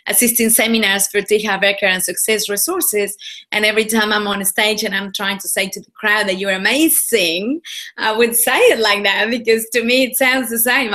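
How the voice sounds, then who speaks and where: A woman from Mexico speaks English with a Spanish accent, her tone bright and clear. She tells her story earnestly and with energy, leaning on fillers as she goes. She is a guest speaking over a video call. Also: mid-range voice. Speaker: women's leadership coach. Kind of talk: interview guest.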